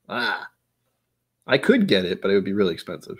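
A young man with a low, slightly husky voice, chatting loosely through a whiskey tasting on his stream. His pitch swings widely as he reacts, rambling, making playful noises and drifting into humming. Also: very animated, normal speed, long pauses, fairly bright tone. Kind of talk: casual live-stream tasting chat.

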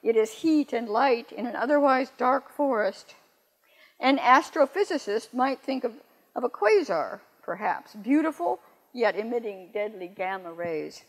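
An older woman poet giving a lecture, reading verse slowly and adding wry, self-correcting asides. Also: a little high, lively intonation. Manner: measured, slows down to read verse aloud. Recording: long reverb in a hall.

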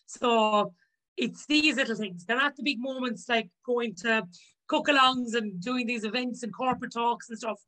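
A woman's voice: fairly high pitch, moderate pace, bright, forceful tone, rough recording. A woman as a podcast guest, talking casually and heartfelt, acting out what people said to her. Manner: upbeat, heartfelt, acts out quoted speech. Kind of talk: casual interview chat.

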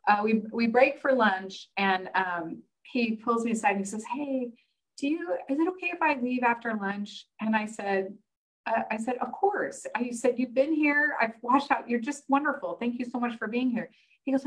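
Woman host, lively anecdote teller, acts out quotes, somewhat high voice. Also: rough recording. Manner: animated storyteller, acts out dialogue. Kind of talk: casual chat.

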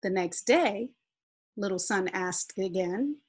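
A storyteller reads a children's picture book aloud, gentle and expressive. She speaks slowly in a mid-range voice with a soft, breathy quality.

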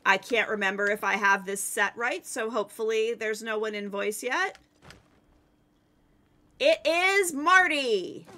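A woman streaming a game live, commenting excitedly to her chat and teammates. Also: a little high, unhurried.

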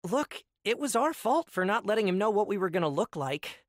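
A woman's voice: mid-range voice, very animated, brisk, no room sound, clean studio sound, lightly acted. A woman playing Inojin, a smug teen ninja boy. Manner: smug, needling, matter-of-fact. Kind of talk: video game cutscene dub.

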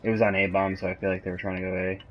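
A man's voice: sits low, little pitch movement, racing, noisy background. A man chatting casually over voice chat while playing, joking and laughing. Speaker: gamer teammate.

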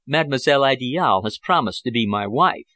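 A man's voice: medium pitch, expressive, a little fast, sharp tone, no echo. A man voicing a hearty, confident diplomat who explains affairs expansively in an audiobook. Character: Bellamy, confident man-about-town diplomat.

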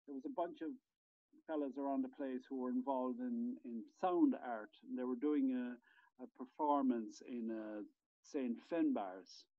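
A man's voice: mid-range voice, unhurried, no echo, narrow, tinny audio. A man, a podcast guest telling a rambling, profane story in casual chat. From Ireland. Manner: rambling, swears freely, many restarts.

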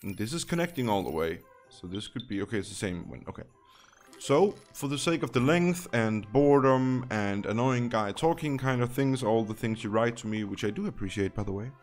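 A man's voice: mid-range voice, expressive, a little fast, faint music behind. A man giving casual, chatty commentary while playing a slot game, thinking aloud and dropping wry asides.

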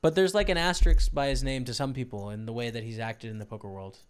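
A man's voice: mid-range voice, fairly even intonation, fast talker, clean tone. A man casually talking to his viewers over a poker broadcast, rambling and chatty.

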